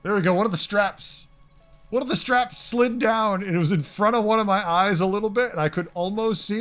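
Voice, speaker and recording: Chatty boston guy streaming, kinda high voice, game music low in the back. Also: a little fast, fairly bright tone. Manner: chatty, talks to chat viewers. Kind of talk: casual livestream chat.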